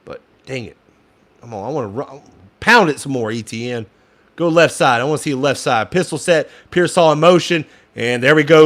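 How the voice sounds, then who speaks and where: A man's voice: medium pitch, brisk, a bit bright. A young man giving casual fan play-by-play commentary, frustrated and ranting at the play calling, sometimes swearing.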